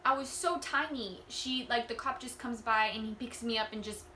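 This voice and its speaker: A woman's voice: fairly high pitch, moderate pace, sharp tone, slight background noise. A young woman vlogger telling a personal story in a candid, rambling and earnest way, often restarting her sentences. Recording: echoey room.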